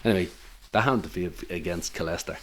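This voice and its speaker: Irish male guest, middle-aged, low voice, rambling anecdotal delivery, casual podcast chat. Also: quick pace, slight background noise. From Ireland. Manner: rambling anecdotal storytelling with many restarts. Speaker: guest, amateur football manager.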